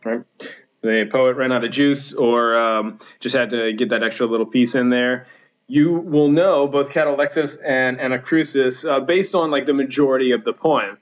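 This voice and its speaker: A man teaching a recorded lesson from his slides. He counts out beats slowly and stops often to restart with small fillers, his voice neither high nor low. The sound is muffled and lo-fi. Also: fairly even intonation.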